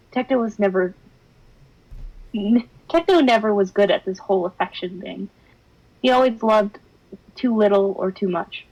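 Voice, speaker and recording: A woman's voice: medium pitch, a little mellow, dull audio. A young woman streamer reading fan fiction aloud with drama, breaking into laughs and wry side comments. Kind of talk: expressive narration with laughing asides.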